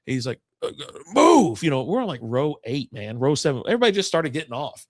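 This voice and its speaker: This podcast co-host, a man, tells a long story in a rambling, profane way during a casual chat, acting out what others said. His mid-range voice is very animated and quick. The recording is dry, with clean studio sound.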